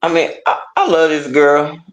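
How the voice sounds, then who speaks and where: A man speaking as a guest in a casual talk, earnest and a bit defensive, often halting as he explains himself. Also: a little high, lo-fi sound. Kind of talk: casual conversation.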